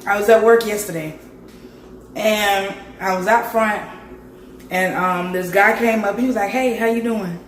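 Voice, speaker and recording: A woman vlogger with a raspy, hoarse voice from a sore throat, chatting straight to her viewers. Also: mid-range voice, steady tone, a little slow, pauses often, reverberant, a little hiss or hum. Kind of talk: casual vlog chat.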